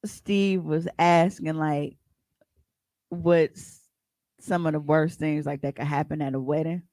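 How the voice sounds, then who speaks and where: A podcast co-host telling stories in a casual, profane and animated way, often breaking into laughs. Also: medium pitch, takes it slowly, no room sound. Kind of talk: casual storytelling chat.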